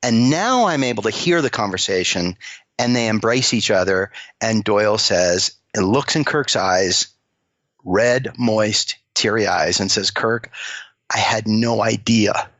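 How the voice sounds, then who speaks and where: A man's voice: on the low side, unhurried, dry recording. A man, a company CEO, telling workplace stories as a guest and acting out the quoted dialogue. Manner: animated storyteller who acts out quoted dialogue. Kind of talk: storytelling interview talk. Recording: dull dry lo-fi audio.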